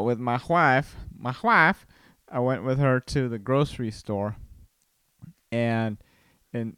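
A man hosting a podcast from home, with a mid-range, smooth voice. He rambles casually, stops and restarts often, and chuckles along the way. The sound is close and dry. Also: medium pitch, no echo. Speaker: podcast host. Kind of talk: casual chat.

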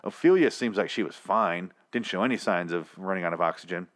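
A man's voice: sits low, fairly quick. Exasperated man rambling through a show recap. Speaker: TV episode reviewer. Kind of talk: casual recap and review.

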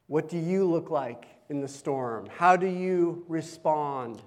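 A man's voice: fairly high pitch, slow pace. A male pastor preaching a sermon in a conversational way, often putting questions to the congregation. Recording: long hall reverb.

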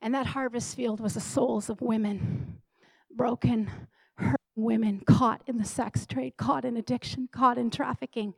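Woman, spoken testimony, animated storytelling, slightly high, gravelly, dry close sound. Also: unhurried, no room sound, rough recording. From Canada. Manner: animated storyteller who acts out dialogue. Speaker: ministry leader. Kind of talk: personal testimony to a congregation.

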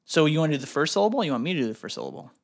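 A man's voice: a little high, very animated, racing, creaky. A man co-hosting a podcast, chatting casually and joking, laughing often. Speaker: podcast co-host. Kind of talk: casual chat.

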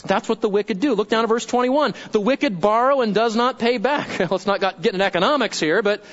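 A man's voice: high-pitched, fairly quick, dull audio. A male pastor preaching a sermon in a conversational way, checking in with listeners and repeating words for emphasis.

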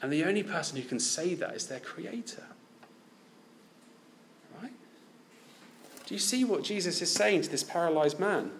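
Lively male preacher with an animated voice. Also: high-pitched, moderate pace, pauses often, a little hiss or hum. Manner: lively, asks the listeners many direct questions. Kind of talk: sermon.

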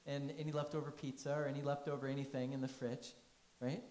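A man's voice: medium pitch, flat delivery, quick pace, darkish tone, echoey room, poor audio. A man giving a conversational sermon, telling stories and asking the congregation questions. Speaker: pastor.

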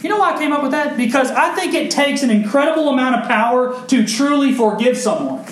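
Male pastor, high voice, emphatic sermon delivery, echoey sanctuary with faint hiss. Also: animated, fairly quick. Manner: preaching with emphatic rises and questions to the congregation. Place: church sanctuary. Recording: echoey church room with faint background noise.

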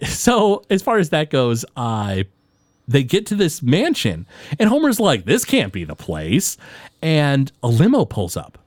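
A man casually recaps an episode on his podcast, stumbling through fillers and restarts as he tells it. His pitch swings widely, full of animation. The sound is dry and close. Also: darkish tone, no room sound.

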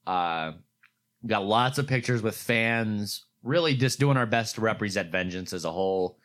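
A man's voice: on the low side, moderate pace. A man from Pittsburgh telling a convention story in casual chat, profane, acting out other people's lines. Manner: animated, profane, acts out quotes in raised voice.

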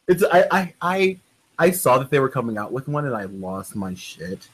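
A man in casual conversation, playful and quick to laugh. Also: medium pitch, very animated, a bit bright, slightly rough, poor audio. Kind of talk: casual chat.

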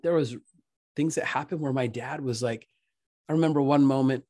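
A man's voice: medium pitch, moderate pace, dry recording, studio quality. Earnest man sharing a personal story. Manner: earnest, emotional, drops soft when speaking of faith. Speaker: podcast guest.

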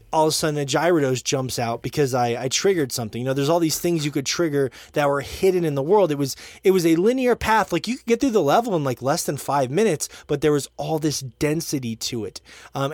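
A man's voice: fairly high pitch, darkish tone, dry recording. A man hosting a casual podcast chat, laughing often and reading listener comments aloud. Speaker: podcast host.

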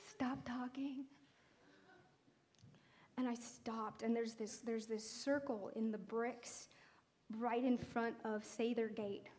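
A woman preacher with a slightly high voice tells a personal testimony from the pulpit. Her delivery is earnest and conversational, full of small fillers and restarts. She sounds like she is talking with the congregation, not reading to them. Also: steady tone, measured pace, dark tone.

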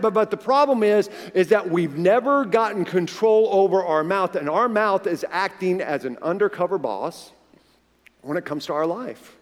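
A man in his forties, a pastor preaching a sermon, telling a personal story in an animated way and acting out the dialogue. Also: high-pitched, moderate pace. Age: 40s. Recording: long reverb of a large hall.

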